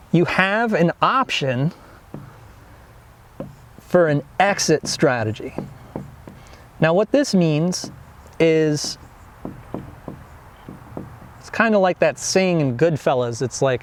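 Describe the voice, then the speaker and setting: A man's voice: on the high side, animated, measured pace, pauses often, a little hiss or hum. A young man teaching an online business course in a casual, rambling way, full of fillers and restarts. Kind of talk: casual instructional talk.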